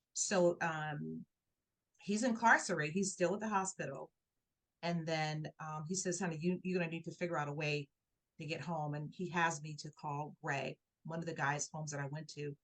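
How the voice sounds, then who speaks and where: A woman guest on an interview show, telling a personal story in conversation and acting out the people in it with her voice. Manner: animated, acts out quoted voices with rising pitch.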